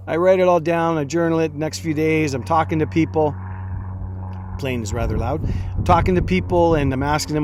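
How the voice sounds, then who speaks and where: Animated man telling a dream story. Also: a little high, moderate pace, background noise. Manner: animated storyteller acting out his own reactions. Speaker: pastor. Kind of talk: personal story in a devotional talk.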